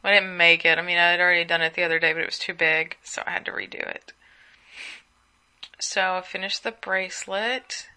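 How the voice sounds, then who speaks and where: Young woman host, bright tense voice, a little low, sleepy and gossipy solo chat from home. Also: fairly even intonation, fairly quick, smooth. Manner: chatty, gossipy, rambling with asides. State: sleepy, yawning. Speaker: podcast host.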